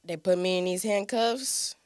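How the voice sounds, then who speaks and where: A young woman hosting a podcast, telling a personal testimony in an animated, conversational way and often turning to her listeners. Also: fairly low pitch, unhurried, no room sound, clean studio sound. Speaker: podcast host. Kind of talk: casual testimony storytelling.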